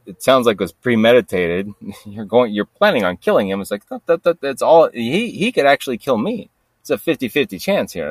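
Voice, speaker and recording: A man's voice: mid-range voice, dry recording. A man rambles through a solo podcast rant in a mid-range voice, cursing freely, stumbling over restarts and breaking into laughs. The sound is dry and close, with no room around it. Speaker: podcast host.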